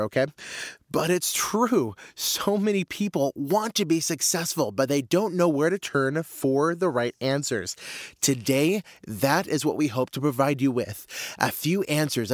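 Brief: earnest male trainer, a bit high-pitched, dry close sound, a motivational storyteller. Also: dry recording. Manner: earnest storyteller, acts out voices.

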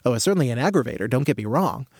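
A man explaining his therapy method in a casual talk, acting out little scenes with growing excitement. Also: medium pitch, very fast, husky, dry recording, studio quality. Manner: animated storyteller, acts out scenes with rising excitement.

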